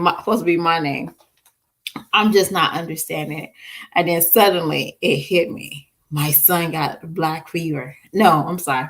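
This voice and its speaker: A woman in her thirties telling her viewers a story about her son, in a casual, animated way, laughing often and restarting words. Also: on the low side. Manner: talks straight to viewers with slang and "y'all". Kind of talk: casual story time vlog.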